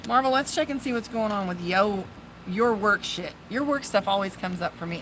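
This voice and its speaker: Animated and at a normal speed, this mid-range female voice belongs to a Las Vegas tarot reader and psychic streaming a laid-back reading outdoors by a pool. Heavy background noise surrounds her as she chats, swears liberally and interrupts herself to talk to her dog.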